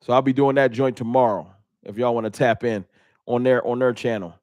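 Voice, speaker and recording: A man's voice: medium pitch, fairly even intonation, a little fast, a little mellow, dry recording. A man hosting a fan live stream, chatting casually and animatedly, joking and laughing at his own bits.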